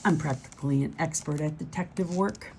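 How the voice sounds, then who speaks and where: Woman, children's storybook reader, gentle, expressive, low-pitched, mellow. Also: brisk, slight background noise, rough recording. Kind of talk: storybook read-aloud.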